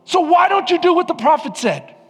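A man's voice: very high voice, big pitch swings, brisk, a bit bright, long reverb tail, faint music behind, pitched above the performer's own voice, full character voice. A man playing an urgent male servant who pleads with his master in a raised voice. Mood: pleading.

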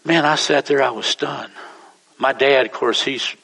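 A pastor with a bright, forceful edge to his voice preaches in a folksy, rambling manner, circling back over his words. His sermon rings out with a long reverb, as if recorded in a church hall. His pitch sits in a middle range for a man. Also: measured pace, gravelly, husky. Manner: folksy, rambling, repeats himself. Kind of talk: sermon storytelling.

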